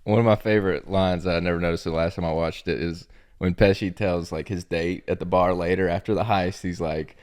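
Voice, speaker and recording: A man's voice: low-pitched, steady tone, a little fast, a little mellow. A man co-hosting a podcast, laid-back and laughing along with his guest. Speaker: podcast co-host. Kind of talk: casual podcast chat.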